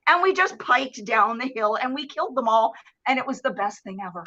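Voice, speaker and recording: A woman guest on a live streamed talk show, telling stories in a lively, casual way and acting out the people in them. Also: high voice, fairly quick. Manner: animated, swears casually, acts out voices. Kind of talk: casual storytelling. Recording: dull lo-fi stream audio.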